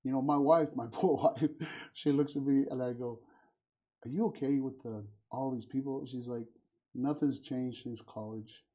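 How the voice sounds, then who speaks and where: A man's voice: medium pitch, fairly even intonation, moderate pace, muffled recording. A middle-aged man hosting a casual talk show, telling stories and acting out the voices of the people in them. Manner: warm storytelling, acts out quoted voices. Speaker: podcast host. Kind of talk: casual conversation.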